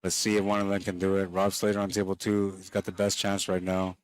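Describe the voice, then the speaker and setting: A fast-talking man with a low, clean-toned voice calls a pool match live in an easy, chatty style for his stream audience. He sounds slightly tired late in the day, and the recording is dry.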